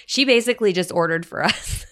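A woman's voice: mid-range voice, brisk, fairly bright tone. A woman co-hosting a podcast, chatting enthusiastically about restaurant meals. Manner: chatty, enthusiastic food storytelling. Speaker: podcast co-host. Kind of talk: casual chat.

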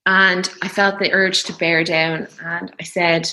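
A young woman telling her birth story in a soft, reflective, emotional way. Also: fairly low pitch, little pitch movement, a little slow, low-quality recording. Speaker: guest.

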